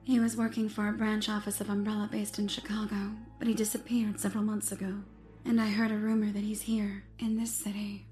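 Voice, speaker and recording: A man's voice: high-pitched, completely flat delivery, a little fast, a little mellow, pitched above the performer's own voice, natural voice. A man voicing a calculating young female spy in an audiobook-style reading, often dropping into sly whispered asides. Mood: feigned desperation. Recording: music bed under the reading.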